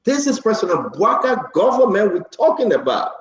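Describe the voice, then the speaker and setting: A man's voice: high-pitched, very animated, moderate pace, roomy sound, poor audio. Fired-up man hosting talk show. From Liberia. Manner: passionate, raises voice, repeats himself. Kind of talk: heated political talk.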